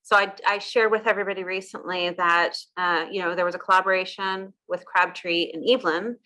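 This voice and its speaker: A woman's voice: lowish voice, flat delivery, fairly quick, pushed and bright. A woman hosting a casual interview chat, upbeat, repeating words back and laughing at her own slips. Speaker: host.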